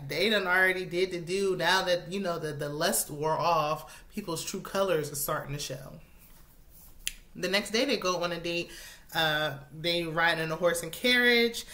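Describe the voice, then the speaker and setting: A woman's voice: lowish voice, bright, forceful tone. A young woman hosting a casual reality show recap, chatty and opinionated, often laughing.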